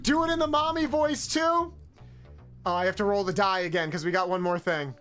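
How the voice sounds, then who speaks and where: A woman streaming from home, chatting casually with her audience and breaking into loud, mock-outraged yelling. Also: mid-range voice, brisk, soft background music. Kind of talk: casual live-stream chat with chat.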